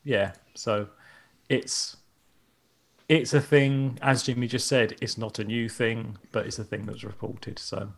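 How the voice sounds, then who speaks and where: A man's voice: on the low side, steady tone, a little slow, vocal fry, a bit bright. An English man co-hosting a podcast in casual chat, rambling along with many restarts. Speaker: podcast co-host.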